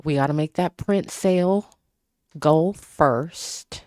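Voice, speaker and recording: Speaking at home into a small desktop mic, an author chats loosely with a livestream audience, swearing freely and laughing often. The voice is medium-pitched, slow and a little mellow. The window is open, yet the audio is clean and studio-like with no room sound.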